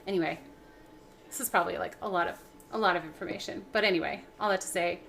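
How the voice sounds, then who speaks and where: A woman's voice: lowish voice, fast talker, creaky, a bit bright, slight background noise. A young woman hosting a cooking livestream, talking casually with lots of fillers and restarts. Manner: rambling, chatty, many fillers and restarts. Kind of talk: casual chat while cooking. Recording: faint background music.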